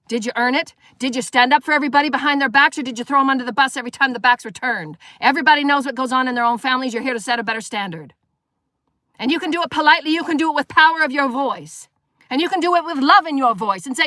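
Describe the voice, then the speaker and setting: A woman's voice: high voice, expressive, quick pace, bright, forceful tone, no echo, studio quality. A woman giving a live spiritual sermon, preaching emphatically and firing rhetorical questions at her listeners. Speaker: spiritual teacher.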